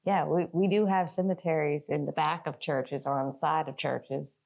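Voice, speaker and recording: A woman's voice: sits low, fairly even intonation, normal speed, gravelly, darkish tone, lo-fi sound. An American woman co-hosting a casual travel chat, mostly agreeing and adding short remarks. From United States. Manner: agreeable, short affirmations, laughs along. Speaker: co-host.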